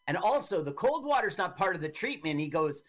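A woman's voice: fairly low pitch, big pitch swings, brisk. A woman co-hosting a radio show, chatting casually about an old film and acting out quoted lines as she retells the story. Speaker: radio co-host.

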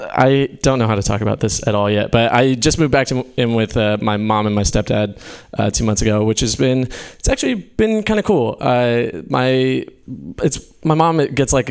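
A man's voice: medium pitch, gravelly, smooth. Rambling young man doing stand-up. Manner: rambling, self-deprecating, swears often, laughs at own jokes. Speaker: stand-up comedian. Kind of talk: stand-up comedy set. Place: small comedy venue with a live audience.

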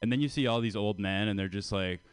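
A man's voice: lowish voice, fast. A man doing a casual, crude stand-up bit at an open mic. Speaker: stand-up comedian.

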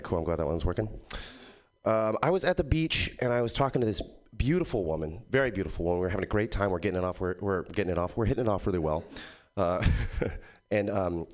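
A man from Texas doing a stand-up set at an open mic, with a loose, halting delivery full of ums. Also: fairly low pitch. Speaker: stand-up comedian.

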